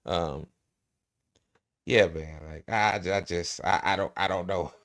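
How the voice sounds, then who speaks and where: A man's voice: low voice, takes it slowly, a bit bright. A man reacting to a hearing clip with profane, laughing, rambling commentary full of stammered restarts. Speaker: reaction streamer.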